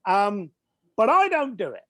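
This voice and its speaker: Brief: British male guest, middle-aged, bursting with enthusiasm, high and sing-song delivery. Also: huge pitch swings, unhurried, a bit bright, dry recording, studio quality. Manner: enthusiastic, emphatic, quirky. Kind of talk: conversational business advice.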